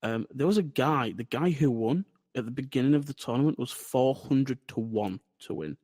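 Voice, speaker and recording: Bloke co-hosting a podcast, rambling, sweary storyteller, dry close sound. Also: male voice, mid-range voice, expressive, normal speed, a little mellow, breathy edge, no echo. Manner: rambling, swears freely, tells anecdotes. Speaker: podcast co-host. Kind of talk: casual chat.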